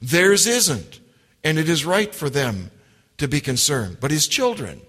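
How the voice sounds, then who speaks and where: Male preacher, slightly high voice, unhurried emphatic delivery, long hall reverb. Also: sing-song, fairly bright tone, breathy edge. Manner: slow, deliberate preaching with emphatic repetitions. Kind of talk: sermon.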